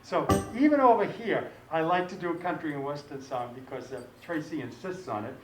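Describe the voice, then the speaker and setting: A man's voice: a little high, lively intonation, brisk, slight background noise. A man entertaining at a live sing-along show, trading folksy jokes with the crowd. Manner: folksy, joking patter with the crowd. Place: senior community function room. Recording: live, echoey room with loud music. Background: piano playing.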